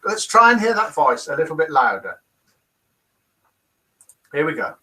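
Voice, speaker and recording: A man's voice: a little high, sing-song, measured pace, bright, forceful tone, a little hiss or hum, rough recording. An older man hosts a live webcast quiz and reads out viewers' comments in a chatty way. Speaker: host of a live daily quiz and chat show. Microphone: desk microphone.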